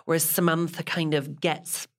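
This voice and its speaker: Wry, measured woman podcast co-host. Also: sits low, level tone. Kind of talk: casual chat reviewing a TV series.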